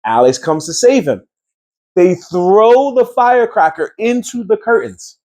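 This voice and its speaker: New man, higher voice, slangy incredulous recap rant, host reviewer. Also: expressive, measured pace, darkish tone. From New York. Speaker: show reviewer.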